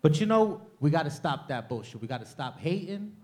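A man doing a stand-up comedy set in a club, loud and profane, working the crowd and mocking people with impressions. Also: fairly high pitch, very animated, brisk.

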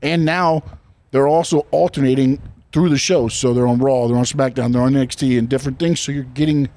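A man co-hosting a podcast, giving casual explanations in quick, run-on sentences. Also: mid-range voice, steady tone, dark tone. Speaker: podcast co-host. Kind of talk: casual chat.

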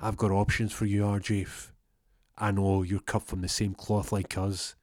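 A man voicing a frantic, grateful young gang leader, loud and pushy. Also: fairly low pitch, flat delivery, moderate pace, no room sound, studio quality, lightly acted.

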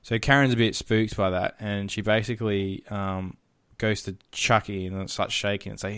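A man's voice: on the low side, steady tone, moderate pace, fairly bright tone, clean tone, no echo. A man hosting a podcast, laid-back and laughing easily as he retells a film plot. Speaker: podcast host.

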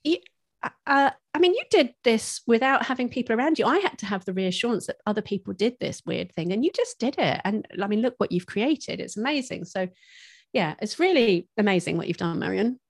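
A woman's voice: fairly high pitch, fairly quick, dry recording, studio quality. Chatty woman guest on a parenting podcast. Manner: chatty, expressive, laughs often. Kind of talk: casual conversational interview.

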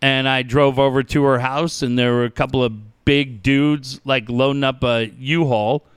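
A middle-aged man hosting a talk show, telling stories in a profane, animated way and acting out the people in them. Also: mid-range voice, normal speed, clean tone, no echo. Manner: profane, animated storytelling with acted-out voices. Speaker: radio show host. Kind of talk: casual storytelling chat.

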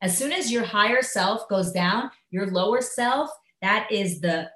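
A woman's voice: mid-range voice, expressive, a little slow, a bit bright, echoey room. A woman teaching a live class, talking animatedly with many fillers and acting out inner voices. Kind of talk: live lecture on Jewish thought. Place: classroom at a school.

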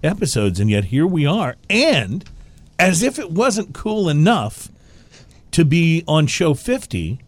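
A man's voice: fairly high pitch, big pitch swings, slow, no echo. A man hosting a casual chat show, laughing often and restarting his sentences. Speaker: podcast host.

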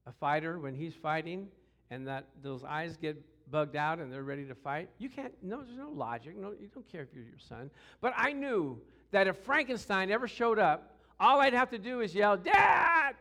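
A middle-aged man preaching a sermon through personal stories, acting out voices with shouts and growls. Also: fairly high pitch, moderate pace. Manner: animated, acts out quotes with shouts and growls. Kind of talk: storytelling sermon.

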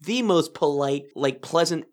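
A woman co-hosting a casual podcast, telling stories in an animated, profane rant. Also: sits low, unhurried. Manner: animated ranting, swears often, laughs through stories. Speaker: podcast co-host.

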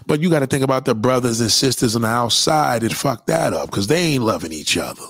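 A man's voice: medium pitch, expressive, brisk, gravelly, fairly bright tone, dry recording. Man, impassioned monologue, swearing, sermon-like lecturing, dry close sound. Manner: profane, preachy, lecturing the audience. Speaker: commentator.

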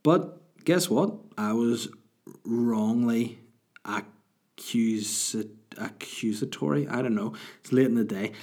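A man's voice: mid-range voice, little pitch movement, slow, dark tone. A man, rambling chattily as a solo podcast host. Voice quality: husky. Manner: rambling, self-deprecating, chatty. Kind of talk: casual solo podcast chat.

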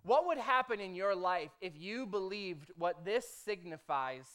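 This is a pastor with a clear, smooth voice at an ordinary middle pitch, giving a sermon in a relaxed, talkative way. They tell a personal story and act out the prayers they spoke to God. They keep checking in with the listeners by asking "okay?" and "right?". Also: unhurried. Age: adult, formerly a motivational speaker. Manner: conversational, punctuates with "okay?" and "right?"; lively storytelling, acts out own quoted prayers.

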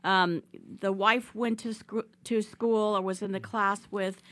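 A woman's voice: mid-range voice, fairly even intonation, measured pace, a bit bright, no echo. A woman co-hosting a radio show, recounting a news story in an earnest storytelling way. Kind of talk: conversational news talk on radio.

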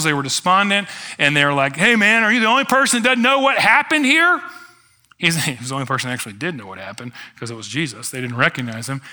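Male pastor, sermon delivery, somewhat high and bright-toned, emphatic with casual asides. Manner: conversational preaching with rhetorical asides; emphatic, builds in intensity.

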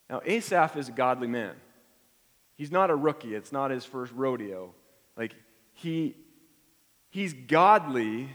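A man's voice: medium pitch, a bit bright. A middle-aged man preaching a conversational sermon, acting out the feelings he quotes. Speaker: pastor. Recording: long hall reverb.

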